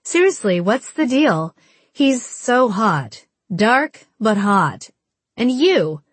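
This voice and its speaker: A woman's voice: on the high side, sing-song, slow pace, breathy edge, dry recording, heavily acted. A woman putting on a brash, teasing young woman. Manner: pushy, dramatic, provocative.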